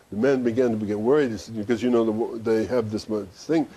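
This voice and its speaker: A male Sufi teacher who tells a story in a quick, conversational way and keeps adding asides. His voice is mellow and dark, and he talks fast. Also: on the low side, fairly even intonation, husky. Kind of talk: storytelling discourse. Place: study center.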